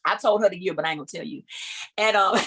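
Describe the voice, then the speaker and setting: A woman singer guesting on a podcast, telling an animated, expressive story in casual conversation. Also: lowish voice, fast talker, slightly rough.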